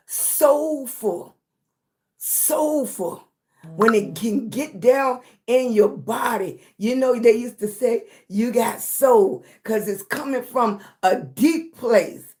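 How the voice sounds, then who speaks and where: A woman hosts a casual livestream, talking to her viewers in a slightly raspy voice. She speaks slowly and deliberately, with mid-range pitch. She calls people endearing names and pauses now and then to catch her breath. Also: darkish tone. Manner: slow, breathy, affectionate, calls viewers baby. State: short of breath at times. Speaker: livestream host.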